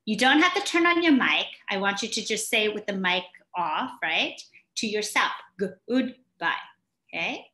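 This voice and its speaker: A woman teacher leading an online English class, sounding out vowel sounds slowly and patiently. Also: medium pitch, animated, pushed and bright, reverberant. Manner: slow, drawn-out sounding out of vowels.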